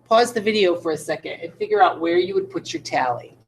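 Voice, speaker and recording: A woman's voice: medium pitch, wildly swooping pitch, brisk, vocal fry, breathy edge. A woman teacher giving a recorded video lesson, explaining each step patiently and checking in with questions to her listeners. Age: adult parent.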